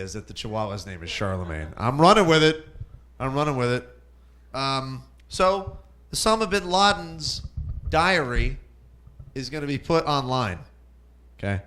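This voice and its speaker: A man's voice: mid-range voice, bright, forceful tone. A man in his forties from Southern California doing open-mic stand-up in a comedy club, rambling with self-deprecating asides. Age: 40s. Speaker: stand-up comic.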